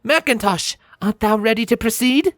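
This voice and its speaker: Guy doing a high regal pony princess, old-timey formal talk, lively swoops. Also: normal speed, no echo, clean studio sound. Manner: archaic, stately speech. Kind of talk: audiobook character voice.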